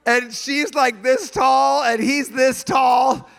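A pastor preaching a sermon, telling a story and acting out the voices and screams in it. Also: male voice, very high-pitched, steady tone, slow, vocal fry, fairly bright tone, big-room sound. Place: church.

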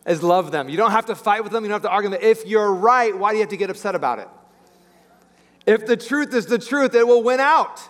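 A male pastor preaching a sermon in an animated way, acting out voices as he tells stories. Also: sits high, fast talker, long reverb tail. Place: church sanctuary.

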